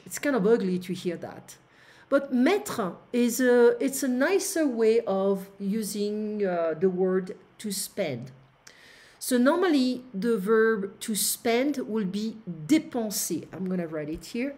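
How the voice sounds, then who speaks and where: A woman's voice: medium pitch, animated, slow pace, darkish tone. Teacher woman talking through a lesson. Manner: explains step by step with many fillers. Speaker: French teacher. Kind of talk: online language lesson.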